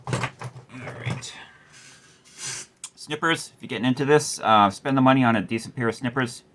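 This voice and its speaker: A man's voice: mid-range voice, fast talker, fairly bright tone. A middle-aged man casually rambling through an amp repair at his workbench, wry and swearing now and then. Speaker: amplifier repair host. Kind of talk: casual workshop tutorial.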